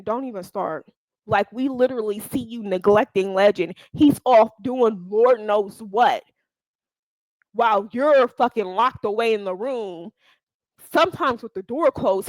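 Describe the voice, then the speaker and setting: Woman, reaction host, blunt, cussing, scolding, high lively voice, dry sound. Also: measured pace, no echo, rough recording. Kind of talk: casual reaction commentary.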